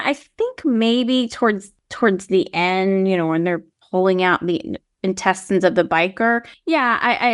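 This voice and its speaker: A woman guest on a casual podcast, starting hesitantly with restarts, her voice jumping high when she quotes her own thoughts. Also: smooth.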